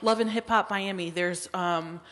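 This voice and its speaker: Animated woman in a reverberant room. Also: on the low side, measured pace. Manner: animated, swears freely, laughs often. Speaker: podcast co-host. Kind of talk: casual chat. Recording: long hall reverb.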